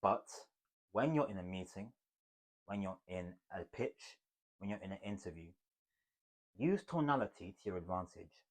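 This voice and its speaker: A slightly low-pitched man coaching viewers on how to speak. He talks emphatically, jumping from punchy loud lines to quiet, hushed ones. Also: lively intonation, moderate pace, pauses often. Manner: emphatic, swings between loud and hushed delivery. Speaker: communication coach. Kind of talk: motivational teaching to camera.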